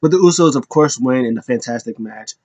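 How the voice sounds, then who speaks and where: A man's voice: mid-range voice, fairly quick, a little mellow, no echo, lo-fi sound. A man casually recapping wrestling events in a rambling, amused way, often laughing as he retells them. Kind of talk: casual chat.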